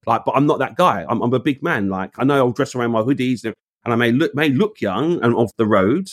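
A man's voice: medium pitch, expressive, fairly quick, dry recording, clean studio sound. A man, telling a story in casual conversation. He acts out the voices he quotes and uses street slang. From England. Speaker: guest.

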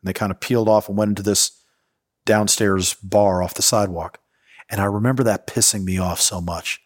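A man's voice: lowish voice, steady tone, fairly quick, no echo. A man in his forties, a podcast host, telling a personal story in a candid, profane way on a close mic. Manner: candid, profane, acts out quoted voices.

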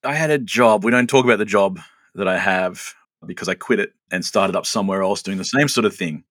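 An Australian man in his late forties telling stories in a relaxed, self-mocking way as a guest. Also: low-pitched, fairly quick, no room sound. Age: 40s. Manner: chatty, self-mocking storyteller. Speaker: guest, show creator. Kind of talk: casual interview chat.

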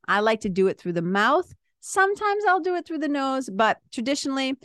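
A woman, a yoga and spiritual teacher talking casually, chatty and animated with frequent asides. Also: mid-range voice, smooth, no echo. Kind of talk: casual talk.

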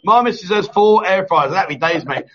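A man's voice: high-pitched, expressive, moderate pace, fairly bright tone. A man hosting a live chat show, teasing his guests and laughing often as he reads out viewer comments. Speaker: host. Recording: dull lo-fi stream audio.

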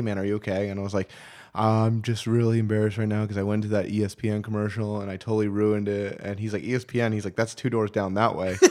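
A man's voice: fairly low pitch, fairly bright tone. A young man casually telling a long, rambling story with many fillers as a guest in a chat.

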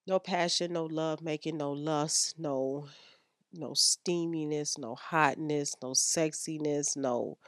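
A woman's voice: low voice, steady tone, takes it slowly, dry recording, studio quality. A woman hosting a frank sex-advice podcast, blunt and slangy as she lectures her listeners. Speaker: podcast host.

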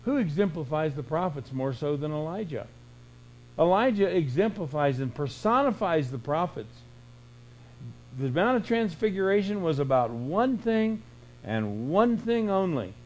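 A man preaching a sermon, emphatic and full of rhetorical questions, swinging between loud bursts and hushed lines. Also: a little high, very animated, unhurried, low-quality recording. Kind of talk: radio sermon.

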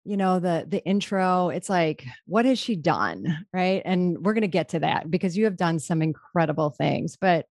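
A woman's voice: fairly low pitch, expressive, moderate pace, few pauses, a little mellow, no room sound, clean studio sound. A woman hosting a podcast, introducing her guest in an effusive, rambling way with many restarts. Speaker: podcast host.

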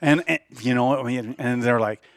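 A man in casual chat recalling a hunt, halting and restarting as he talks. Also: mid-range voice, dry recording, studio quality. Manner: halting, many restarts, enthusiastic. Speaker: hunter guest.

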